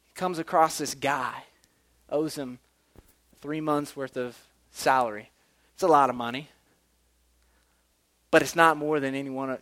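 A man's voice: fairly high pitch, fairly bright tone. A man preaching a sermon in a casual, chatty way, often restarting his words.

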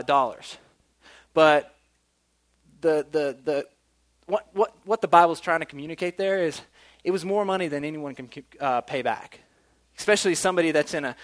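A man's voice: on the high side, fairly bright tone. A man preaching a sermon in a casual, chatty way, often restarting his words.

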